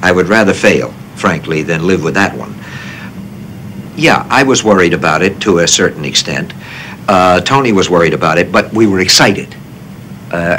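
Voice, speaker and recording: Animated older male storyteller. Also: low-pitched, slight background noise. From United States. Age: 60s. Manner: animated raconteur, self-deprecating. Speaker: actor guest. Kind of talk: casual interview storytelling.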